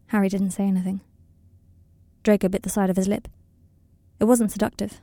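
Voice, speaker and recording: A woman reading a story aloud in calm, even scripted narration, recorded close to the mic. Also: mid-range voice, a little fast, long pauses, dry recording. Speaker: audiobook reader.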